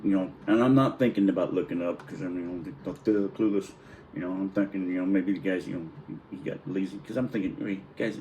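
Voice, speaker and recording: Middle-aged guy, lowish voice, rambling cussing storyteller, bit of hiss behind him. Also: low-quality recording. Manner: rambling, profane, animated retelling with acted-out quotes. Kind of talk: casual personal storytelling.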